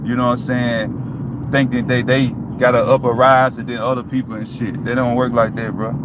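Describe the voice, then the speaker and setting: A man's voice: medium pitch, flat delivery, normal speed, noisy background. A man vlogging to his viewers in a loose, profane motivational talk, repeating "you know what I'm saying" often. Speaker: YouTube vlogger.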